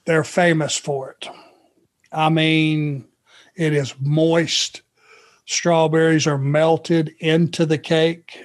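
A middle-aged man from Georgia, a former wrestler telling road stories in a relaxed, anecdotal way. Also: a little high, slow pace. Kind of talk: podcast storytelling.

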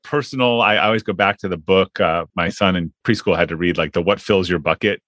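A man's voice: deep voice, fairly quick, fairly bright tone, dry recording. A man hosting an interview podcast, chatting casually and musing aloud, with short agreeing replies. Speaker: podcast host.

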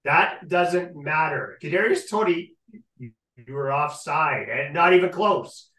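Brief: male sports podcast co-host, ranting and animated, slightly high voice, roomy off-mic recording. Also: takes it slowly, far from the mic. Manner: animated, ranting, repeats catchphrase. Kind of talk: casual sports talk rant. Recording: echoey room, off-mic.

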